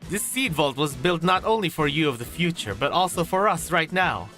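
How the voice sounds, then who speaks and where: A man reading the lines of a polite, glitchy robotic vault management system in a formal, measured way. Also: a little high, expressive, bright, forceful tone, faint music behind.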